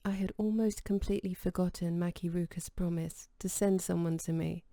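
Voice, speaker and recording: Low, mellow, and slightly gravelly, this woman's voice narrates a scripted audiobook calmly and at an even pace. The audio sits close and dry, without any room sound.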